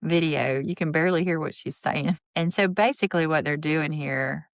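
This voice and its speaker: A woman's voice: low voice, normal speed, dry recording. A woman hosting a podcast, retelling and judging a reality TV episode in a blunt, indignant, opinionated way. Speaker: podcast host. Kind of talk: reality TV recap commentary.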